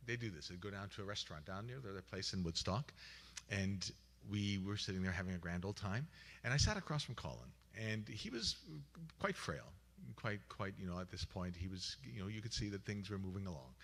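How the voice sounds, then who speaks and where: A man telling a humorous, animated story at a memorial service in a church. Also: lowish voice. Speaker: memorial speaker. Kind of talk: storytelling eulogy. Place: church hall. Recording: church sanctuary with long reverb.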